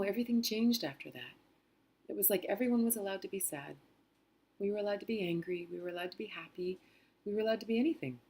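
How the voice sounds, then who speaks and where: A middle-aged woman telling a personal story in a gentle, reflective way, acting out quotes softly. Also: low voice, slightly rough. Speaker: author and spiritual teacher.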